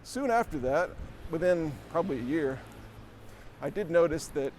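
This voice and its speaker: A man's voice: a little high, animated, normal speed, darkish tone. Guy vlogging from his bike, out of breath, rambly and self-mocking, bit of street noise. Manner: rambling, self-deprecating, chuckling. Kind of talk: casual storytelling while cycling. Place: outdoors on a city street, riding a bike.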